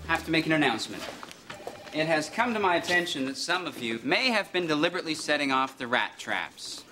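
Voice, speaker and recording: An actor playing a calm office boss with dry, deadpan sarcasm. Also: male voice, a little high, a little fast. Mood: firm. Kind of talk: sitcom acting. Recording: noisy TV sitcom soundtrack.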